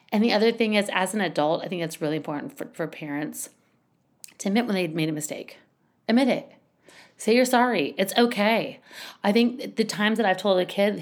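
A woman's voice: lowish voice, a little fast. A middle-aged woman hosting a podcast, giving casual parenting advice in a chatty way full of "you know" and "like". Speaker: parenting podcast host and school educator.

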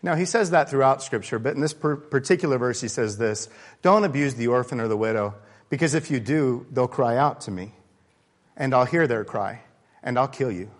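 A man preaching a sermon in a conversational, candid way, swinging between loud emphasis and quiet asides. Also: medium pitch, moderate pace. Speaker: pastor.

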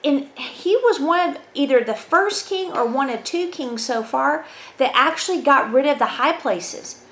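A woman giving a conversational Bible teaching, reading scripture aloud and often checking in with her listeners with a quick "right?". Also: sits high, animated, a bit bright. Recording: roomy echo, faint background hum.

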